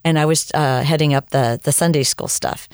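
Low-voiced woman telling her story. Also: moderate pace, clear, resonant tone, no room sound, clean studio sound. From United States. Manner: animated storyteller, acts out quoted dialogue. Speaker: interview guest. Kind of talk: personal testimony in conversation.

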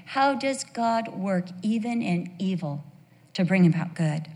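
A woman teaching a Bible sermon to a women's group, conversational and animated, telling stories with rhetorical questions. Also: mid-range voice, measured pace, long reverb tail.

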